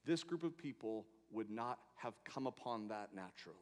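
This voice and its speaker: A man preaching a sermon, swinging between loud emphatic proclamations and quiet asides, with rhetorical questions and long lists. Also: on the low side, expressive, moderate pace. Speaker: pastor. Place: church sanctuary. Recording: long hall reverb in a church.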